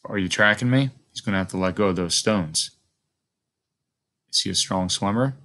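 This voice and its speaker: A man with a lowish voice models a close read for children, pausing to think aloud. He keeps putting questions to his listeners as he goes. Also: pushed and bright. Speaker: teacher.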